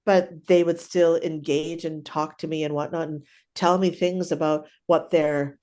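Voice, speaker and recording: A woman's voice: low-pitched, flat delivery, a little slow, a little mellow. An older woman, a clown teacher, chatting animatedly through stories in an interview and often tagging her sentences with "right?". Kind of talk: casual storytelling interview.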